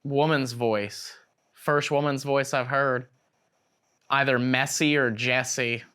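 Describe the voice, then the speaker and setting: A man on a ghost hunt calling out short, startled reports of the voices he hears, drawn out slowly. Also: mid-range voice, fairly even intonation, pushed and bright, smooth. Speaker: paranormal investigator. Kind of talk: reporting what he hears through a device. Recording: noisy night recording.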